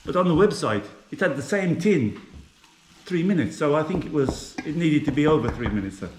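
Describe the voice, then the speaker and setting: A man's voice: fairly high pitch, expressive, a little fast, background noise. Chatty man cooking in an echoey kitchen. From England. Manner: chatty, talks to viewers while cooking. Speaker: cooking vlogger. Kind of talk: casual cooking vlog. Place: home kitchen. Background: frying and sizzling from the hob.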